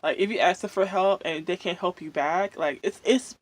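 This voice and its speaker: Vlogger rambling and venting between bites, lots of um and like. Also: medium pitch. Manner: rambling, drawn-out, many fillers. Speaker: mukbang vlogger. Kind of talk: casual venting chat while eating.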